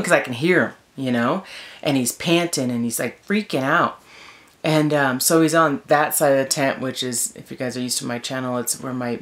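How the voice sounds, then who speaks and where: A woman vlogger telling a story in a casual, animated way from inside her tent in the woods, filling her talk with "like" and "you know". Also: a bass voice. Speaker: wilderness vlogger.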